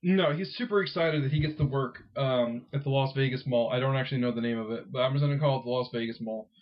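A man's voice: medium pitch, fast, dull audio. A man co-hosting a podcast, chatting casually in a rambling, self-interrupting way and laughing often. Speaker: podcast co-host.

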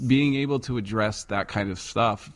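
Lowish voiced guy from erie, lively storyteller, casual podcast chat. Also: moderate pace. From Erie, Pennsylvania. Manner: animated storyteller.

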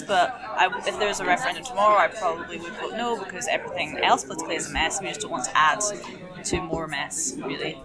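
A woman guest in a casual political discussion, speaking thoughtfully and hedging her views. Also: fairly low pitch. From Scotland. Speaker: podcast guest. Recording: noisy crowd in the background. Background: crowd chatter.

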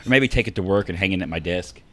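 Laughing, low-voiced man podcast co-host. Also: racing. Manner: laughs often, quotes movie lines. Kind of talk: casual chat.

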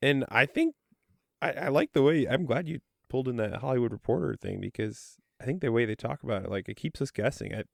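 A man chatting casually as a podcast co-host, easygoing and quick to joke. His voice has a gravelly texture and sits at an ordinary pitch. The sound is dry and close. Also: dry recording. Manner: jokey, animated, quick to laugh. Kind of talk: casual chat.

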